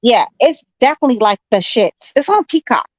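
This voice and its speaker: High-pitched woman in a group chat, super animated, talks over people, dry sound. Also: brisk, dry recording, low-quality recording. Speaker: chat participant.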